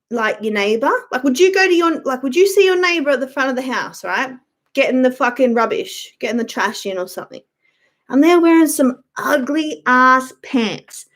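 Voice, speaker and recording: Brief: woman streamer venting to her chat, high and lively voice, profane and unfiltered. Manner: blunt, profane and fired-up, answering viewer comments. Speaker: YouTuber live-streaming to chat. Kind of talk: casual ranting live-stream chat.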